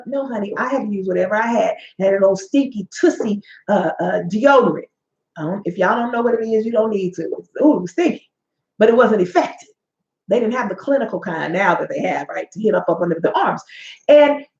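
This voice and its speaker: A woman's voice: mid-range voice, lively intonation, a little fast. Sassy woman coach, echoey room. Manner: sassy, preachy, tells stories with acted-out quotes. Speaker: life coach and show host. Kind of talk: motivational talk to camera. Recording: echoey, dull-sounding room.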